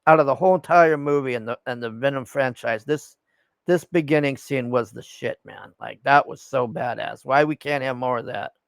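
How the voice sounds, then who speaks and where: A young man rambles through a casual movie review, swearing and sighing in exasperation. His voice is gravelly yet smooth and full. It sounds close and dry, with no room echo. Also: medium pitch, moderate pace. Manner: rambling, profane, exasperated sighs.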